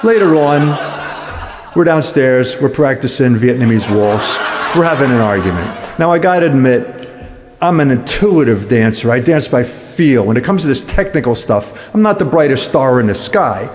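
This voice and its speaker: A man telling comic stories about dancing, deadpan, dropping his voice low to act out the other people in his jokes. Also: normal speed, background noise. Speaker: stand-up comedian. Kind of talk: comic storytelling with acted-out dialogue.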